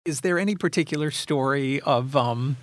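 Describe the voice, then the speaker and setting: Man interviewing with halting questions. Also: medium pitch, no room sound, clean studio sound. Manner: halting, searching phrasing in questions. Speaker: interviewer and narrator. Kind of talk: interview questions and documentary narration.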